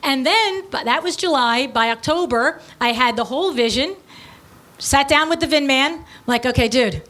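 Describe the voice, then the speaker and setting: A middle-aged woman with a high voice tells a story in a casual, animated way. She is blunt and breezy and throws in quick asides as she goes. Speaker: podcast host and business owner.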